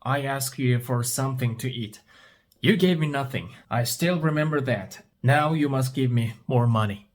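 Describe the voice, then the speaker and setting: A man's voice: medium pitch, normal speed, natural voice. A man voicing a vengeful adult male grave robber in a storybook reading, holding an old grudge. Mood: grudging.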